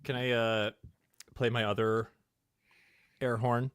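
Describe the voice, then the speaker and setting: A man co-hosting a casual livestream podcast, talking in a relaxed, rambling way full of fillers and eager about rocket launches. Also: medium pitch, slow pace, clean tone, no room sound, studio quality. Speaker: podcast co-host.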